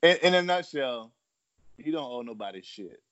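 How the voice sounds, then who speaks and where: A man's voice: medium pitch, lively intonation, normal speed, a bit bright, no echo. A man co-hosting a casual group chat, blunt and emphatic, often repeating his point. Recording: dull lo-fi sound.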